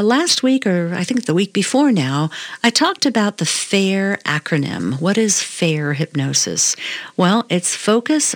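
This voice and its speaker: Woman, middle-aged, health show host, hypnotherapist, coaching manner, low voice, dry close mic. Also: no echo. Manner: upbeat, coaching, explains step by step. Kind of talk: health talk show monologue.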